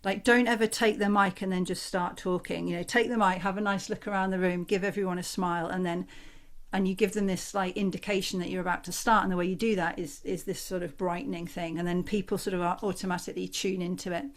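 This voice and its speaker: A woman from the north of England with a Northern English accent, a communication coach giving an expressive, conversational workshop talk over a video call. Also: lowish voice, fast talker. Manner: expressive, conversational, acts out examples.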